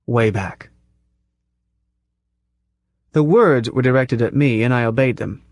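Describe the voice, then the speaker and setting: A man reading a first-person story aloud at a measured, tense pace, close to the mic. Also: mid-range voice, darkish tone, no echo. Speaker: audiobook narrator. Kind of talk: first-person audiobook narration.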